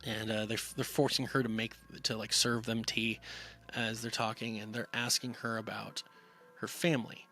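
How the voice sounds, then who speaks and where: A man's voice: on the low side, little pitch movement, moderate pace, pushed and bright. A man casually retelling a film's plot for a review podcast, rambling with lots of fillers and acting out the characters' lines. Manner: rambling, filler-heavy retelling with acted-out quotes. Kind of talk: casual film plot recap.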